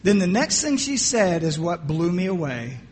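A pastor from the United States shares a personal story during a sermon, acting out the dialogue and often dropping to a hushed voice. He speaks in a high, sing-song voice at a moderate pace.

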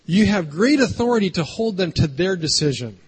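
A man's voice: sits high, expressive, fairly quick, slightly rough. A man preaching a conversational sermon, often checking in with the congregation by asking "right?". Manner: chatty, keeps adding "right?". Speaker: pastor.

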